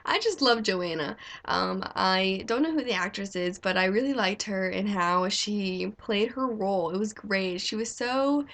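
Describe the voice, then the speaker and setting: A young woman in casual chat, reviewing a film in an excited, gushing way with lots of "like". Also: mid-range voice, unhurried, few pauses. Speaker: vlogger reviewing a movie.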